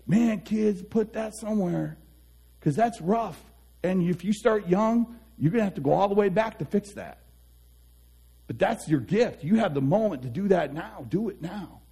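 A man with a high, light voice gives an earnest motivational talk as a life coach. He speaks with animated energy and slips into the voices of the people he quotes. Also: normal speed, creaky, husky.

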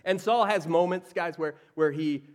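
A man preaching a sermon, telling a story with lively asides, quoted voices and laughs. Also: fairly high pitch, normal speed. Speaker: pastor.

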